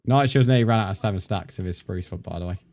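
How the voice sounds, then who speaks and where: A man with a low, slightly mellow voice speaks quickly during a gaming live stream. Chatting casually and rambling as he plays, he thanks his viewers by name.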